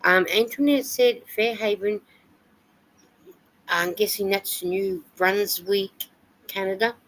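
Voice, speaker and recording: A woman's voice: mid-range voice, fairly even intonation, slow, fairly bright tone, rough recording. An Australian woman hosting a live stream, chatting casually and reading out viewer comments and weather reports. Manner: chatty, reads comments and weather aloud with fillers.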